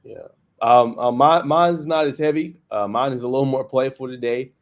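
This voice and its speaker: A man with a mid-pitched voice talks in a casual podcast chat. His delivery is playful and conversational, with plenty of filler phrases. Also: normal speed. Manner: playful, conversational, peppered with "you know what I'm saying".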